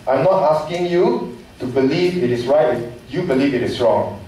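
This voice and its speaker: A man's voice: mid-range voice, lively intonation, normal speed, dark tone. Impassioned man in echoey hall. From Malaysia. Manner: passionate, repeats rhetorical questions. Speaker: forum panelist. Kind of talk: impassioned public speech. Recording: echoey hall, distant mic, faint noise.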